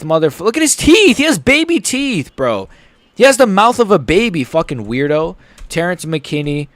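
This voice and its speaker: Live fight reactions come from a young man hosting a livestream, his slightly high voice captured in a dry recording. He rambles with excitement, cursing and lurching from muttering to yelling.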